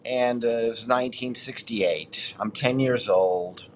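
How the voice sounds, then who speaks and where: A man's voice: mid-range voice, measured pace, slight background noise. A man in his sixties, a podcast guest, telling a rambling story with frequent swearing and restarts. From Boston, United States. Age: 60s. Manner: rambling, profane, self-interrupting. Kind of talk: casual storytelling interview.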